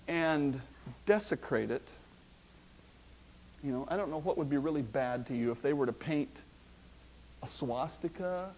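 Male pastor, sermon delivery, high voice, emphatic with loud and soft swings. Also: slight background noise, poor audio. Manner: emphatic, slowing down to stress key words; swings between hushed asides and loud rising emphasis. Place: church.

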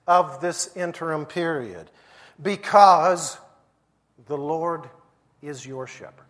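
A man's voice: a little high, slow pace, pauses often, a bit bright. A man preaching a sermon as pastor, emphatic and repeating refrains to his congregation.

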